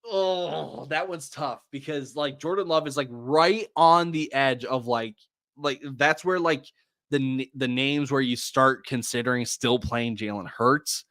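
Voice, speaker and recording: A man hosts a live fantasy football stream, reading out viewers' names and snapping back quick start-or-sit calls. He sighs often and sounds a little distracted. His voice sits at a middle pitch and is recorded close and dry, with no room sound. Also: fairly bright tone, no room sound. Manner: rapid answers, reads viewer names and questions. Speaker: fantasy football podcast host.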